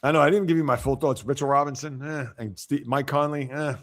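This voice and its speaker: A man hosting a sports livestream, talking in a somewhat high, gravelly voice. He reacts to viewer comments in an offhand way and turns blunt and emphatic when he criticizes. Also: fairly even intonation, a little fast. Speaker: sports show host.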